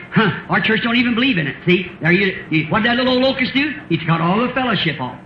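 A man in his fifties preaches in a folksy, chuckling manner, throwing out questions to his congregation. His voice sits very high and swings widely. The recording is muffled and roomy, like an old tape made in a church hall. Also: expressive, fast, slight background noise. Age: 50s. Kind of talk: sermon.

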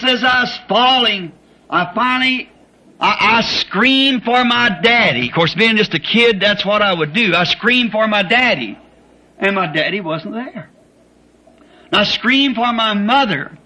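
A man's voice: pushed and bright, poor audio. A man preaching a sermon, telling a vision story with rising passion. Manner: impassioned storytelling, rising in pitch when recounting screams.

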